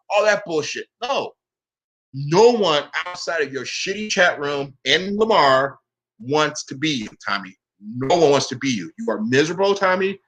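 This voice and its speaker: Male commentator, confrontational rant, profane, crisp bright voice. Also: a little high, animated, normal speed. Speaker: online commentator. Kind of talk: casual rant to camera.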